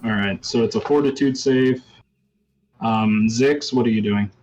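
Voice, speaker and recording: A man running a tabletop role-playing game as game master, talking in a relaxed way with many ums and uhs. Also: mid-range voice, unhurried, lo-fi sound, slight background noise.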